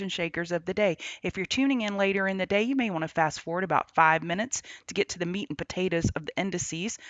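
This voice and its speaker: A woman's voice: fairly low pitch, fairly bright tone, no room sound. A woman hosting a live trading show, chatting and greeting viewers by name between chart talk, on the road. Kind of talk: casual livestream market commentary. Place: on the road, remote setup. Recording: dull lo-fi, dry sound.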